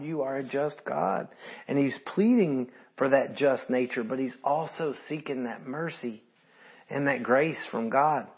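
Husky-voiced man preaching earnestly. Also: on the high side, muffled recording. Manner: earnest, conversational preaching with scripture read aloud. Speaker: pastor. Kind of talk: sermon.

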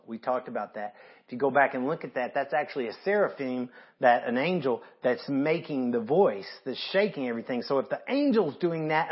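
A man's voice: medium pitch, highs cut off. A man preaching a sermon in an earnest, emphatic way, reading scripture aloud. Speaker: pastor.

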